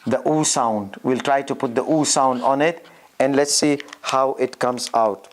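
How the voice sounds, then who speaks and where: A teacher giving a step-by-step lesson on reading, sounding out syllables one by one and thinking aloud with pauses and restarts. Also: medium pitch. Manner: drills syllables aloud, repeating each sound slowly.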